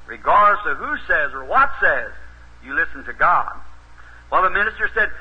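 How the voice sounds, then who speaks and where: A man's voice: sits high, very animated, moderate pace. A male preacher telling a story in a sermon, folksy and homespun, rising into emphatic urging. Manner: folksy, rises to emphatic exhortation. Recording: dull, husky old tape recording.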